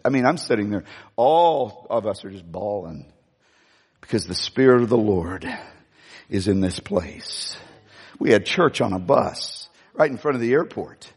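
A man preaching a sermon with passion, reading scripture with emphatic rises and slowing down on key words. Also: medium pitch, breathy edge. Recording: long hall reverb.

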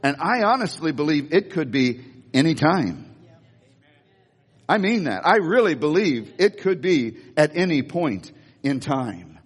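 A male pastor giving a lively sermon, telling stories and joking with the congregation. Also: fairly high pitch, a little slow, slightly rough. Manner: animated storytelling with audience asides. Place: church hall. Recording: hall reverb.

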